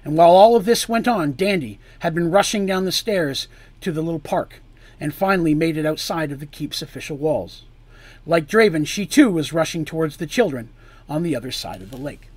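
A man with a somewhat high voice reads a dark fantasy story aloud. His dramatic delivery sinks low and quiet on grim moments and rises louder when the action builds. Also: fairly quick, dry recording. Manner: expressive reading that drops low and quiet on grim lines and rises loud on tense ones.

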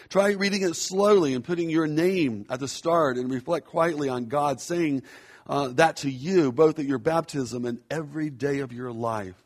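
Delivering a sermon, this pastor's voice sits on the high side and is expressive. He's earnest and measured, easing his pace to emphasize important phrases.

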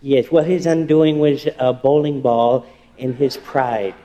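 A man playing a pompous old showbiz magician on stage, answering with halting deadpan nonsense in an improvised comedy bit. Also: medium pitch, lo-fi sound, crowd noise, close to an everyday voice. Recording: reverberant live stage recording.

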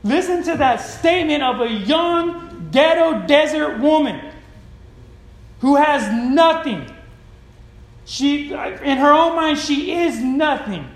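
Preacher, sermon, casual slangy delivery, loud-to-soft swings, echoey church hall. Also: high-pitched, animated, slow pace. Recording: roomy hall echo.

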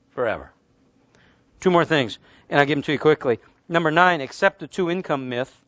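A man's voice: a little high, fairly bright tone, no echo. A middle-aged male pastor delivering a sermon with emphatic, conversational storytelling.

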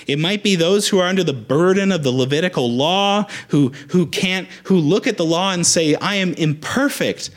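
A young adult man preaching a sermon as a pastor, emphatic and animated, repeating rallying phrases. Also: high voice, normal speed, few pauses.

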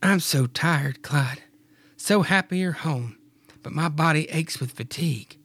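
A man voicing a gentle, devoted young farm wife in a raspy falsetto with a put-on Scottish accent. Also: a little slow, exaggerated voice. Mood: weary.

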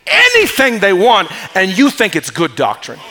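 A man's voice: high-pitched, wildly swooping pitch, moderate pace, bright, forceful tone. A male pastor preaching a sermon in an emphatic way, calling on the congregation to respond. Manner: emphatic, calls for audience response. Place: church.

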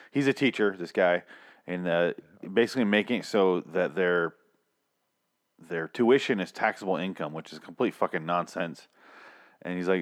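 A man co-hosting a podcast in casual chat, ranting sarcastically and swearing often. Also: low-pitched. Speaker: podcast co-host.

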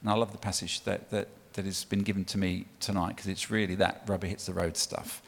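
A man's voice: low voice, level tone, a little fast, vocal fry. A middle-aged man from England speaking as a guest preacher to a church, chatty, with many ums and restarts. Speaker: guest speaker for a child sponsorship charity. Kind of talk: sermon talk to a church congregation. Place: church hall. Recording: long reverb of a large hall.

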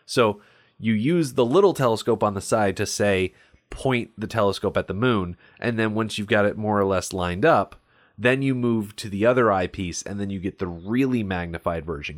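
Man, low voice, casual podcast co-host, explanatory, dry close sound. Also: animated, normal speed, no echo. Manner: explanatory, reads aloud at times. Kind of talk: casual film discussion.

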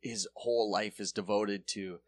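A young adult man telling a story in casual podcast chat, acting out the people in it with sudden high voices. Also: moderate pace, dry recording. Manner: animated, acts out quoted people in a high voice. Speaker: podcast co-host.

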